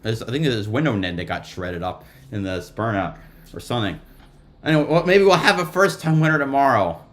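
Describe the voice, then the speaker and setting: A man hosts a live race reaction stream in a bright, forward voice, with a medium pitch. He talks casually and rambles, trailing off as he wraps up. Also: expressive, a little fast. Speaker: livestream host.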